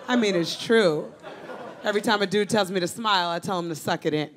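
A brash woman in her thirties works a comedy club stage, throwing out punchy lines and sudden shouts into a handheld mic. Her voice sits at a middling pitch. Loud audience laughter rolls in behind her. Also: fairly quick, crowd noise. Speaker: stand-up comedian. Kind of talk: stand-up comedy set.

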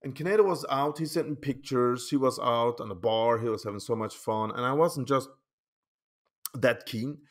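A man who is not a native English speaker, talking through a falling-out with a friend in a rambling, heated monologue, often checking "okay?" and swinging between loud outbursts and quiet asides. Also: mid-range voice, moderate pace. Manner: rambling, repetitive, keeps asking "okay?". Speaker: channel host. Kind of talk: emotional personal vlog monologue.

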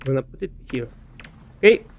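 A man's voice: fairly quick, darkish tone, dull audio, slight background noise. A young man giving casual let's-play commentary, chatting to enemies and muttering asides to himself. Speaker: gaming commentator.

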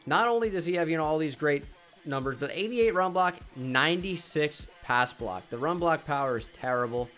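A young man casually commenting on a football video game he is playing, laid-back and self-mocking, with sudden excited outbursts. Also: fairly high pitch. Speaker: gaming channel host.

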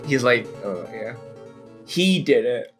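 Excitable guy chatting over a game. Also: mid-range voice, slow pace, soft background music. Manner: excitable, stumbling. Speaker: host. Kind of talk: casual gaming chat.

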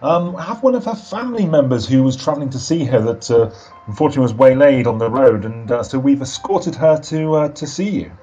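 Guy doing a courteous fumbling adventurer, formal and halting, muffled lo-fi audio. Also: medium pitch, animated, dark tone, husky, soft background music. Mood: polite. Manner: formal, halting, many restarts. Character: polite hesitant adventurer escorting a girl.

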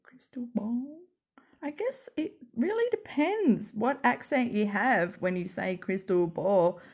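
A woman with a croaky voice rambling sarcastically at home while smoking, as a YouTube commentator. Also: mid-range voice, lively intonation, a little slow, a little mellow. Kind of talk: rambling casual monologue.

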